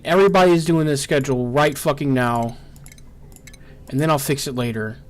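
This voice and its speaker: Narrating his game live into a desk microphone, a man with a medium-pitched, mid-range voice and a drawl swears freely as his colony falls apart. He repeats "no" in rapid streaks, his delivery swinging between pleading and fed-up grumbling.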